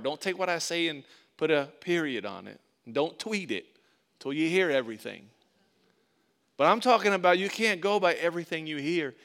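A pastor delivers a conversational sermon, his voice pitched slightly high for a man. He leans into emphatic, louder phrases, then drops into quiet, intimate asides. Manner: conversational preaching, rising to emphatic bursts then dropping soft.

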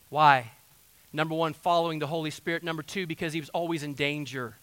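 A man's voice: on the high side, moderate pace, long pauses, fairly bright tone, clean tone, dry recording. A man preaching a sermon in a folksy, conversational way, full of asides to the congregation. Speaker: pastor.

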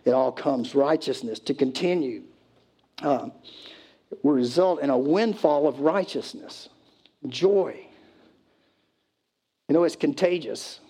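A man's voice: on the high side, mellow. Man preaching in a conversational sermon. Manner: conversational preaching, acts out pleading voices, loose restarts. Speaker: pastor.

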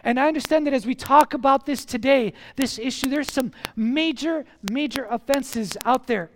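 Animated high-voiced pastor delivering a sermon, leaning on repetition. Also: normal speed, a little hiss or hum.

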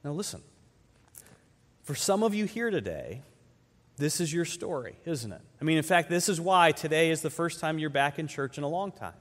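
A man preaching a conversational sermon as pastor, firing off rhetorical questions and dropping from loud emphatic peaks to slow, quiet phrases. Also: a little high, big pitch swings. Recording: long hall reverb.

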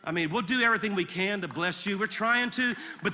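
A male pastor preaching a sermon, telling a story in an animated, emphatic way with quick repetitions. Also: sits high, long reverb tail, background noise. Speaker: guest pastor.

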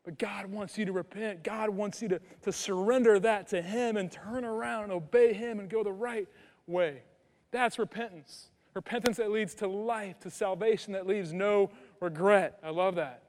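Man, pastor, sermon, high voice, echoing church hall, animated with hushed asides. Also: normal speed. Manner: animated preaching, drops to hushed prayerful tones. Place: church sanctuary.

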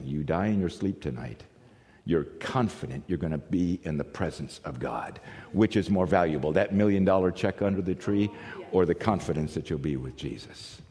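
Animated pastor in a reverberant hall. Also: male voice, low-pitched. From United States. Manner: animated storyteller, swings from loud to hushed, acts out voices. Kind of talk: sermon. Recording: long reverb of a large hall.

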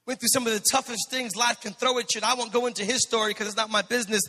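A male pastor preaching a sermon, swinging between quiet asides and shouted, sing-song exhortation. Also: very high-pitched, steady tone, racing. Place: church sanctuary. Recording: long church hall reverb.

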